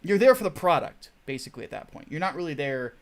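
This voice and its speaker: A man hosting a livestream, ranting casually and wandering off on tangents while swearing freely. His fairly high voice swings up and down with animated emphasis. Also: fast. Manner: profane, digressive, chatty. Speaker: host.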